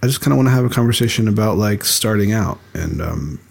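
A man co-hosting a podcast in relaxed chat, rambling with lots of fillers and restarts. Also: lowish voice, quick pace, creaky, breathy edge. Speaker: podcast co-host. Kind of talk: casual chat.

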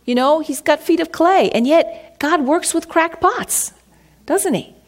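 A woman's voice: extremely high pitch, unhurried. A woman teaching from scripture in a conversational way, reading verses aloud and then asking her listeners rhetorical questions. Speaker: Bible teacher.

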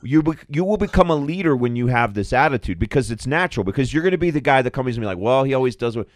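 A man's voice: mid-range voice, expressive, very fast. A middle-aged man co-hosts a talk show with an ordinary mid-range voice, earnest and persuasive as he lays out his argument. The sound is close and dry, with no room echo. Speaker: podcast co-host. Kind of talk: casual discussion.

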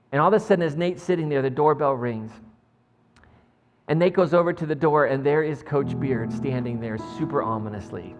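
A male pastor preaching a sermon, retelling a story in an animated way with frequent chuckles. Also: mid-range voice. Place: church. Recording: long church reverb, faint music.

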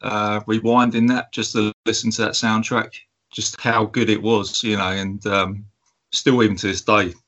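A man's voice: lowish voice, level tone, normal speed, a bit bright, lo-fi sound. A man co-hosting a film review podcast, talking casually and rambling with lots of ums. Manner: rambling, hesitant, many ums and laughs. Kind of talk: casual chat.

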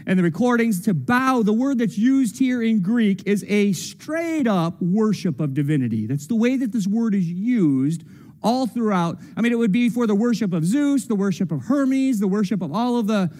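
A man's voice: high-pitched, darkish tone, big-room sound. A man preaching a sermon as a pastor, casual and joking, with playful quoted voices. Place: church sanctuary.

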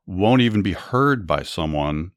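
A man with a very low voice tells Bible stories in a measured, earnest way, like a podcast host reading a prepared script. The recording is dry and close, with no room sound around him. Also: animated, dry recording. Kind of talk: scripted Bible story narration and commentary.

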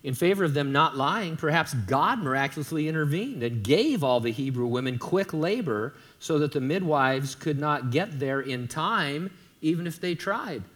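A man's voice: fairly high pitch, lively intonation, normal speed, fairly bright tone. A man preaching a sermon as pastor, conversational, with joking asides, sometimes stumbling and repeating words.

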